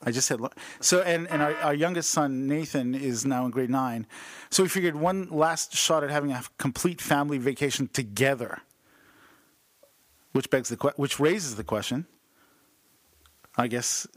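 A man's voice: mid-range voice, normal speed, long pauses, no room sound. A middle-aged man from Canada, a pastor and guest, chatting in a jokey, playful way. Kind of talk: casual chat.

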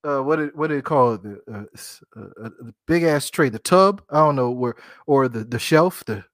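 A joking man hosts a casual cooking talk and speaks straight to his listeners. His voice sits at an everyday middle pitch. The sound is close and dry, with no room echo. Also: animated, moderate pace. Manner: playful, joking, laughs at himself. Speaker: podcast host.

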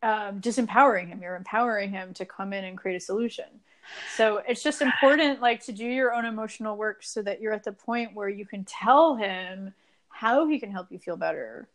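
A woman's voice: medium pitch, fairly quick. A woman guest on an interview, explaining relationship advice in an earnest, casual way with many fillers.

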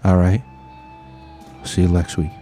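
A man's voice: sits low, level tone, unhurried, dark tone, soft background music. A man hosting a podcast, signing off in a casual, profane and emphatic pep talk. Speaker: podcast host. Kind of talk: casual sign-off.

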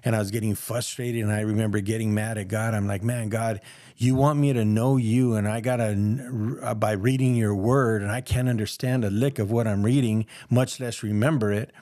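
A man's voice: on the low side, steady tone, moderate pace, warm tone, no echo, studio quality. A man sharing his personal testimony in a casual, earnest, rambling way, acting out the voices of people he quotes.

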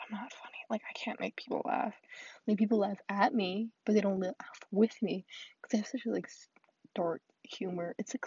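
A young woman talks alone into the mic, rambling and putting herself down, and her voice keeps sinking to a husky whisper. The sound is dry and a little dull, like a lo-fi home recording. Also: mid-range voice, dry recording. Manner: rambling, self-deprecating, drops into soft whispers. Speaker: podcast host. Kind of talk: solo vent podcast.

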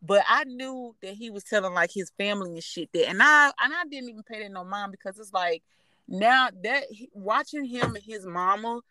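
A woman in her twenties who hosts a podcast tells stories in casual, blunt and profane chat, venting by acting out what others said. Her mid-range voice is bright and forceful at a moderate pace, with no echo.

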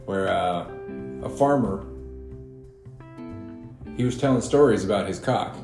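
A young man co-hosting a casual comedy podcast, making deadpan, crude jokes. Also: lowish voice, measured pace, reverberant, music in the background. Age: young adult. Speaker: podcast co-host.

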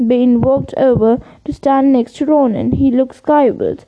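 Slow, high-voiced woman reading a storybook. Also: muffled recording. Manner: steady read-aloud with occasional slips. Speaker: audiobook reader. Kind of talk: storybook narration.

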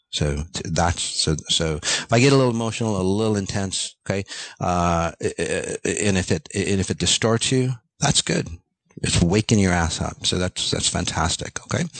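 A man's voice: sits low, no room sound. A man giving an unscripted motivational monologue, ranting bluntly with frequent fillers and swearing. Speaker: self-help speaker.

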